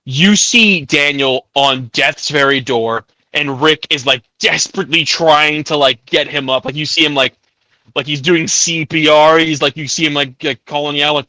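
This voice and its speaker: A man's voice: fairly high pitch, normal speed, sharp tone, no echo, poor audio. A man narrating as game master of a tabletop game in casual chat, with many filler words. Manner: casual, many ums and likes, laughs often.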